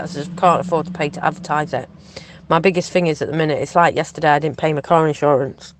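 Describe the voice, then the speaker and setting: A woman's voice: low voice, fast, slight background noise. Frustrated woman venting, swearing. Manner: frustrated, swearing, hesitant with many ums. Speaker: woman speaking about her partner in a recorded clip. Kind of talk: venting monologue.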